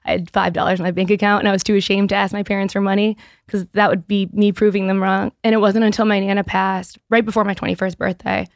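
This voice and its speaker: A woman in her thirties speaks as a guest on a casual podcast. She talks openly and with energy, and she often restarts her sentences. Her voice has a gravelly, creaky edge, and the recording is dry and close. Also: mid-range voice, quick pace, no echo. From Boston area. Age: 30s. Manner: candid and animated, with frequent restarts and "like". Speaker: guest, business founder.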